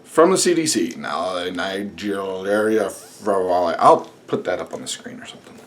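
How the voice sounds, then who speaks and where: A man's voice: sits low, lively intonation, a little slow. A man vlogging casually at home at night, rambling, joking and swearing as he reads notes to the camera. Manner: rambling, sarcastic, swears and jokes.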